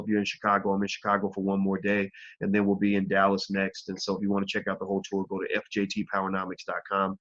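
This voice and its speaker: Low-voiced man hosting an online interview. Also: fairly bright tone, highs cut off. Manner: halting, many fillers and restarts. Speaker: host.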